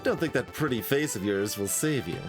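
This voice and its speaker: A man's voice: medium pitch, expressive, normal speed, close to an everyday voice. A man voicing a cocky male bandit leader, taunting and mocking, over game music. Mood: sneering.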